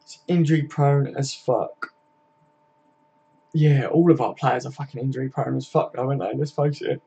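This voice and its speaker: A man's voice: medium pitch, fairly even intonation, moderate pace, creaky, dark tone, breathy edge, highs cut off. A young British man hosting a casual live stream from home, chatting loosely, swearing often and tagging his sentences with "mate" and "innit". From Britain. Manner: laddish, swears a lot, tags questions with mate. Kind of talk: casual live chat reading comments. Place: home room with desk and sofa.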